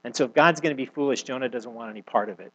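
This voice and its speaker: A middle-aged man preaching a sermon as a pastor, reading scripture aloud and retelling it with expressive emphasis. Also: mid-range voice, rapid-fire, dull audio.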